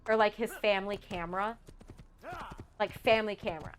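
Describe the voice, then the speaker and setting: A woman's voice: mid-range voice, steady tone, a little fast. A woman co-hosting a stream in casual chat, giggly and prone to exclamations.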